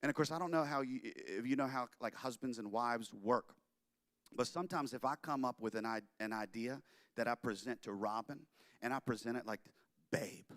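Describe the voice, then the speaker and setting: Animated joking man giving a chapel talk. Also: mid-range voice, no echo, clean studio sound. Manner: animated, joking, quick asides. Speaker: chapel speaker. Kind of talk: humorous sermon talk.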